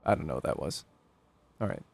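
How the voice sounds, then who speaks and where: A man's voice: a little fast, a little mellow, faint music behind. A young man casually commenting on a horror game as he streams it live, joking and thinking aloud. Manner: chatty, jokey, thinking aloud.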